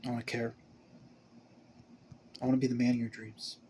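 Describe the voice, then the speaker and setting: A man's voice: medium pitch, little pitch movement, a little hiss or hum. Stammering young man, rambling confession. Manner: halting, stammering, many restarts and repeated words; emotional, confessional, swings between mumbling and loud bursts. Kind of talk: rambling personal monologue to camera.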